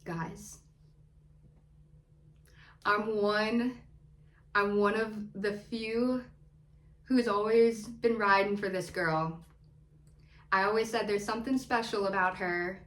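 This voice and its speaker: A woman's voice: medium pitch, steady tone, slow, pauses often, fairly bright tone. A woman hosting a casual, hyped reality TV recap on her channel, chatty and playful, cheering people on. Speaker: YouTube recap host. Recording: echoey room.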